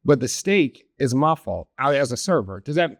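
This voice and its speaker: A man in a casual podcast interview, telling a personal story in an earnest, emotional, halting way. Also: mid-range voice, sing-song, no room sound, studio quality. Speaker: podcast guest, hospitality executive. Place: podcast studio.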